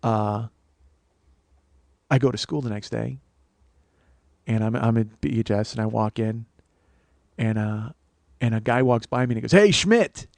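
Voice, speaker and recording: A man in his forties, a podcast host, telling a story in a profane, rambling way full of halting restarts. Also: on the low side, little pitch movement, vocal fry, darkish tone, no echo. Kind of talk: comic storytelling monologue.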